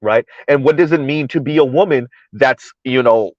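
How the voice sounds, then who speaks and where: A man's voice: medium pitch, normal speed, dry recording. Man livestreaming, dull lo-fi sound. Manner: talkative, repeats words, reads chat aloud. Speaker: livestream host. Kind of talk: casual livestream commentary.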